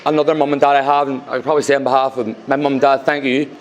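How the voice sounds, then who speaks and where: A young man giving a groom's wedding speech to guests at a reception, halting with many ums, turning teary between jokes. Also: mid-range voice, level tone, dull audio, a little hiss or hum.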